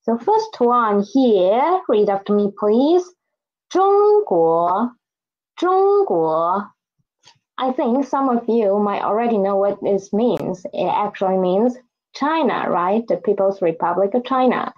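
A woman's voice: mid-range voice, animated, a little slow, dull audio. A woman teaching an online Chinese lesson, saying new words twice and asking learners to repeat after her.

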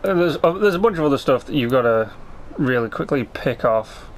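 A man's voice: medium pitch, animated, a little fast, a little hiss or hum. A man hosting a let's play, chatting casually and rambling through his game commentary with self-mocking asides, sometimes reading game text aloud.

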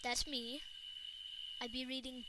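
A woman's voice: high voice, flat delivery, unhurried, very noisy. A woman giving casual, rambling commentary while playing a game. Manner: chatty and rambling, lots of filler words. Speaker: gamer.

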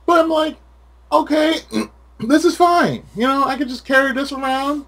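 A man's voice: very high voice, normal speed. A man chatting casually with a friend, ranting with lots of swearing. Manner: profane, ranting, animated. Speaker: channel host.

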